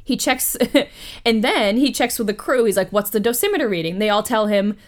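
A woman's voice: fairly high pitch, normal speed. Woman telling a story, casual podcast host. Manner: profane, animated retelling with asides.

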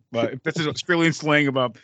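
A man's voice: a little high, pushed and bright, no room sound. A man hosting a podcast, joking around and swearing in casual chat. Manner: crude, joking banter. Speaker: podcast host.

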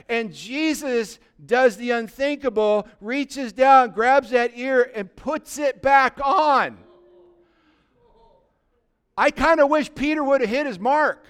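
High, smooth-voiced preacher man. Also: slow. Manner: animated storytelling with humor. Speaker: pastor. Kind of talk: Good Friday sermon.

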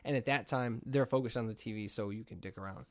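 A man's voice: on the low side, fast, dry recording, clean studio sound. A man co-hosting a podcast, chatting in an easygoing, reflective way and laughing now and then. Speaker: podcast co-host. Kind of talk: casual chat.

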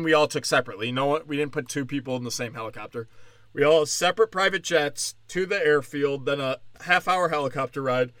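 A man's voice: on the high side, pushed and bright, no echo. Sarcastic man ranting with a dry sound. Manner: sarcastic, rambling, profane. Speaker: comedian. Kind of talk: stand-up comedy rant.

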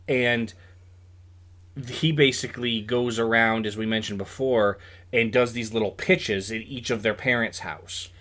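A man co-hosts a film podcast in relaxed conversation. His voice is mid-pitched and ordinary, and he explains the story plainly and sums up his points. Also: a little slow. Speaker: podcast co-host. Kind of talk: casual chat reviewing a film.

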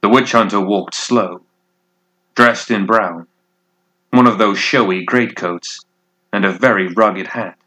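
Male narrator, low voice, bright forceful tone, measured reading, scripted fiction.

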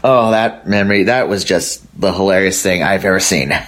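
A man's voice: sits low, moderate pace, a bit bright. A man sending a recorded voice message to a podcast, rambling through a memory and laughing at it. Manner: rambling storytelling, laughs at his own tale.

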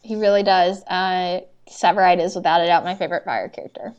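A woman's voice: fairly low pitch, steady tone, a little fast, a little mellow, smooth, lo-fi sound. A woman on a podcast chatting casually about a TV show, agreeing and hesitant as a fan. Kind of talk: casual TV recap chat.

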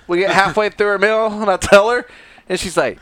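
A man's voice: high-pitched, a little fast, fairly bright tone, dry recording. A man, co-hosting a podcast, laughing and acting out quotes while he recounts a night out. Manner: laughs often, acts out quotes in a mock voice. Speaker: podcast co-host. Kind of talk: casual chat.

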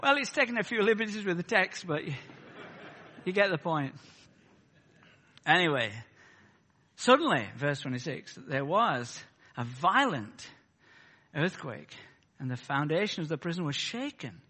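A man preaching a sermon. He swings between loud, fervent peaks and soft, chatty asides. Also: fairly high pitch, very animated, measured pace, pauses often, breathy edge, long reverb tail.

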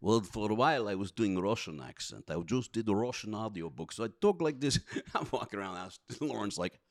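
Male audiobook narrator, lowish voice, lively chatty storyteller. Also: brisk. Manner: animated, laughing, slips into put-on voices. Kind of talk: casual chat, storytelling.

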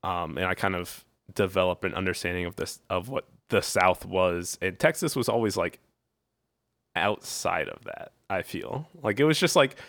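A man's voice: low-pitched, normal speed, fairly bright tone, dry recording. A man from Virginia, guest-hosting a podcast, chatting casually and joking with frequent laughs. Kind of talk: casual chat.

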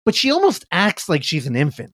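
A man's voice: on the high side, wildly swooping pitch, brisk, a bit bright, no echo, clean studio sound. A man co-hosting a podcast, retelling a movie's plot in a casual, profane, storytelling way. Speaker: podcast co-host. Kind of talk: casual movie-review chat.

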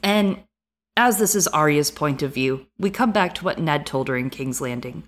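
A woman with a Midwestern American accent co-hosting a podcast, animated and frank, swearing freely. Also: deep voice, moderate pace. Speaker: podcast co-host. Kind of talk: casual podcast chat.

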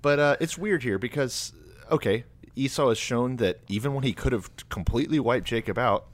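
A man's voice: mid-range voice, moderate pace. A man hosting a podcast, making sardonic, dry jokes while retelling a story. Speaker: podcast host. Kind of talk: comedic retelling, casual chat.

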